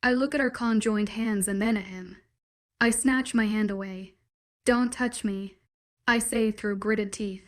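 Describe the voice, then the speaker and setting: A woman's voice: mid-range voice, moderate pace. Woman narrating a first-person story.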